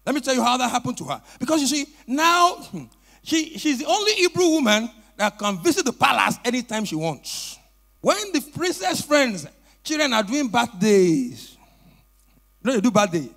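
A man's voice: very high voice, moderate pace, vocal fry. A male pastor preaching a sermon in church, telling a story and calling on the congregation to respond. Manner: animated storytelling with call-and-response.

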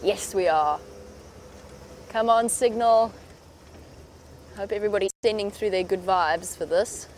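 A woman's voice: medium pitch, brisk, few pauses. Woman safari guide talking on a live drive, chatty and hopeful, bit of noise behind. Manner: chatty and hopeful, hushed when near animals. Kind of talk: live safari commentary from a vehicle. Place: open-air safari vehicle in the bush.

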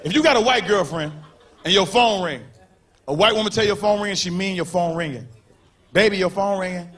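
A man doing a stand-up comedy set on a stage, loud and animated, shouting punchlines and acting out characters. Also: high-pitched, fairly quick. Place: comedy stage before a live audience. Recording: live show with crowd noise. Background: audience laughter.

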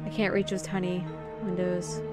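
Game music plays as a woman on a studio condenser mic reads a horror adventure game's text and dialogue aloud in her own voice, with dry jokes mixed in. Her voice is on the low side, her tone level, and her speed normal.

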